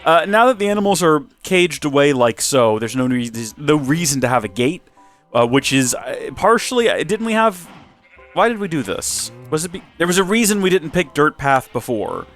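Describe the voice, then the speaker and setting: A man's voice: a little high, sing-song, moderate pace, a bit bright, soft background music. A man hosting a Minecraft let's play, talking in a playful mock presenter tone and rambling through self-corrections. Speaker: Minecraft channel host.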